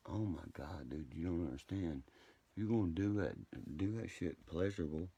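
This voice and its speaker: A man with an extremely low, gravelly voice rambles through a late-night livestream. His delivery is profane and meandering, with a husky, rough edge to every line. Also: moderate pace, warm tone.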